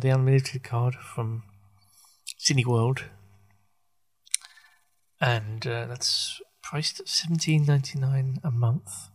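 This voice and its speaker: A man muses aloud on his podcast in a loose, unscripted ramble. He stops and restarts often, hunting for words, and slips in dry asides. His voice sits at an everyday middle pitch for a man. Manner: halting, full of fillers and self-corrections, wry. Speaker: podcast host. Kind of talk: rambling casual monologue.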